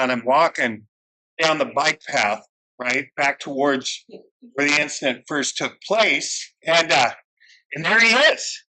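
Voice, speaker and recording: A man's voice: on the high side, animated, a little slow, pushed and bright, rough recording. A man sharing his recovery story at a meeting, candid, profane and self-mocking, in a room where a camera follows him. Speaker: alumni speaker at a recovery meeting. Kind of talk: personal recovery story share.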